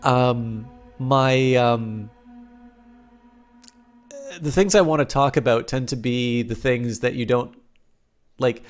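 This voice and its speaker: A man's voice: medium pitch, slow, long pauses, faint music behind. A man streaming live and chatting casually, rambling through long, complicated sentences.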